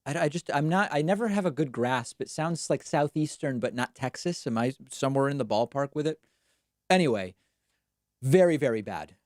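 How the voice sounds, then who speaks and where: A man's voice: mid-range voice, lively intonation, normal speed, darkish tone, dry recording, studio quality. A man hosting a live political commentary stream, talking back at clips with sarcasm. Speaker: show host.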